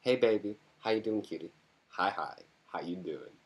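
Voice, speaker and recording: A man's voice: lowish voice, lively intonation, moderate pace, husky. A man mocking a clingy, overeager flirt. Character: pushy, clingy flirt texting a guy nonstop.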